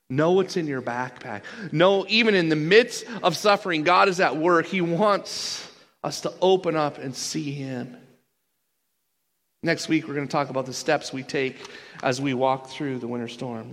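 A male pastor with a somewhat high, gravelly voice delivers an earnest sermon, often restarting his phrases with repeated words. A long reverb trails behind him. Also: lively intonation, measured pace, fairly bright tone. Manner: earnest, with frequent stumbling restarts.

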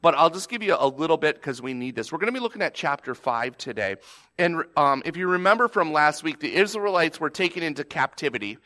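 A man in his thirties preaching a sermon in a lively, conversational way, telling a family story with quick restarts. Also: on the high side. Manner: animated, conversational, repeats starts. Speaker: pastor.

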